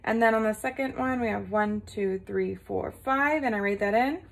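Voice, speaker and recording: A woman's voice: medium pitch, moderate pace, creaky. A woman teacher giving a recorded lesson to young children, patient and encouraging, often checking in with a "right?".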